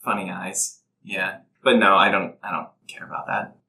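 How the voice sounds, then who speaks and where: A man co-hosting a podcast, talking casually with relaxed, halting phrasing. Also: deep voice. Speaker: podcast co-host. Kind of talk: casual chat. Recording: roomy echo.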